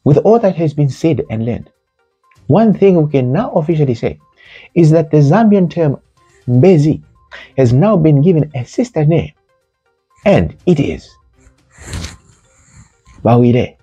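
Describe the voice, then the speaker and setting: Brief: man doing a deadpan news anchor, dark husky tone, swooping delivery, muffled lo-fi sound. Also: fairly high pitch, a little slow, long pauses, faint music behind, exaggerated voice. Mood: solemn.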